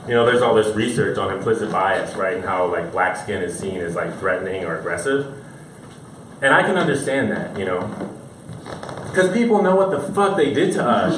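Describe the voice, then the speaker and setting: A man's voice: mid-range voice, expressive, moderate pace, far from the mic, background noise. A man performing a comic solo stage monologue, switching between wry talk and acted voices. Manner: dark comic monologue shifting into acted scenes. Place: performance space. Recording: echoey room, mic from afar.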